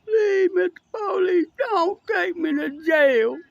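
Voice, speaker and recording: A man putting on the voice of a frightened arrested man who sobs and begs in a whiny falsetto. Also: moderate pace, creaky, muffled recording. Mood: pleading.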